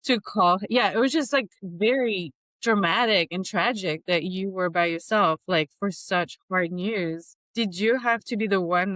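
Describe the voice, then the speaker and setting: A woman co-hosting a podcast, speaking gently and slowly with a sympathetic manner. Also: medium pitch, dry recording. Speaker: podcast co-host. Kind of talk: supportive podcast conversation.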